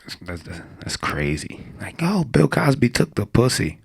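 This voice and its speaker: A man's voice: fairly low pitch, sing-song, normal speed, creaky, husky. A young man doing a crude, rambling stand-up comedy set, laughing at his own jokes.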